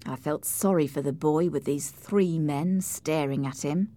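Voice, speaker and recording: A woman narrating an audiobook in a clear, measured storytelling manner, close to the mic. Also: low-pitched, mellow, dry recording.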